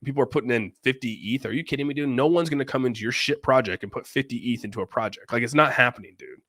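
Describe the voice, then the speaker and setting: Fast-talking blunt man, dry sound. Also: mid-range voice, sharp tone, no room sound. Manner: blunt, profane, rambling with restarts. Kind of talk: casual chat.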